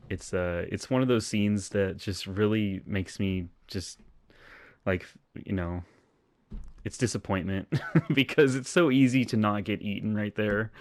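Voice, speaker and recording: A man's voice: low voice, dry recording. A man on a podcast, casually recapping a film, rambling with lots of ums and frequent laughs. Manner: rambling, many ums and restarts, laughs often. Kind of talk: casual chat.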